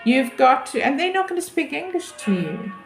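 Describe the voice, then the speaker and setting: A woman's voice: sits high, sing-song, moderate pace, soft background music. A woman in her fifties, a relocation consultant, giving chatty, emphatic and self-deprecating advice to camera. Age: 50s. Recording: echoey room.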